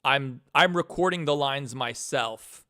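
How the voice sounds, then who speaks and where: A man talks casually into a desk mic while streaming from his home setup. His voice sits at an ordinary middle pitch. He rambles, stops to correct himself and drops the odd swear word. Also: unhurried, bright, forceful tone. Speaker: animator streaming his work. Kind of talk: casual live-stream chat.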